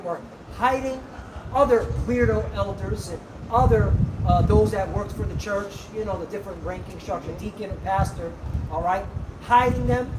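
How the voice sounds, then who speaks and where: A man street preaching outdoors in a forceful, scolding way, checking in with "okay?" and "all right?" as he goes. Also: high-pitched. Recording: roomy outdoor recording, heavy street noise from a distance. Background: traffic and street ambience.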